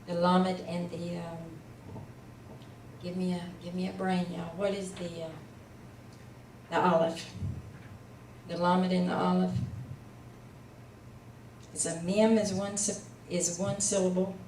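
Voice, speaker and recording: A woman teaching in a slow, unhurried drawl, patient and a little tired, coaxing her class along. She sounds set back from the microphone in a roomy, echoing space with a light background hiss. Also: on the low side, little pitch movement, a little mellow. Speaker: Hebrew teacher. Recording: echoey room, distant mic.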